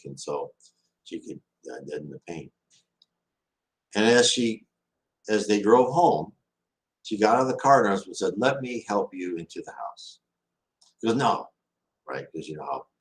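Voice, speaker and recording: Low-voiced and captured in a low-quality recording, this man answers viewer questions as host of a Q&A. His casual storytelling rambles, restarts often, and slips into acting out quoted speech.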